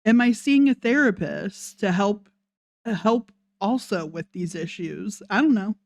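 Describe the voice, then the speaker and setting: A woman's voice: mid-range voice, lively intonation, takes it slowly, vocal fry. A woman giving sarcastic reaction commentary, laughing between her points. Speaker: commentary host.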